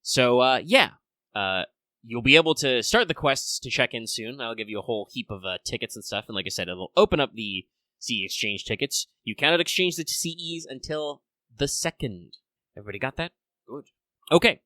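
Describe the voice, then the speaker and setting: A man's voice: medium pitch, lively intonation, a little fast, bright, forceful tone, no room sound. A man hosting a casual podcast chat, rambling with lots of fillers, a bit under the weather. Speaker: podcast host.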